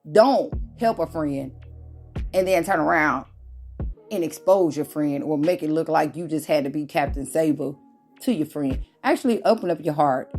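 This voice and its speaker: A woman with a drawl talks straight to her viewers in a fairly low voice, animated and a little preachy. Faint music plays under her talk. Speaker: vlogger. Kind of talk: casual motivational talk to viewers.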